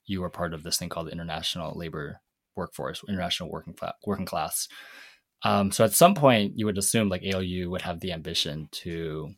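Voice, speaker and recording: Deep-voiced man thinking aloud. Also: brisk. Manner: thoughtful, hedging, many fillers. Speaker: podcast co-host. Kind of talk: casual panel discussion.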